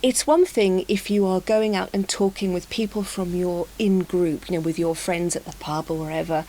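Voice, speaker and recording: Chatty woman, lowish voice. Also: darkish tone, poor audio. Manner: chatty, laughs easily. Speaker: co-host. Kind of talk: casual discussion. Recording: faint hiss.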